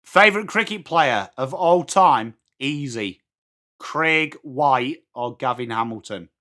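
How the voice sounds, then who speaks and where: A man's voice: mid-range voice, lively intonation, measured pace, bright, forceful tone. An English man hosting a live match watchalong, chatting casually and answering viewer comments while calling the play. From England. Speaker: watchalong host. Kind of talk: live stream chat.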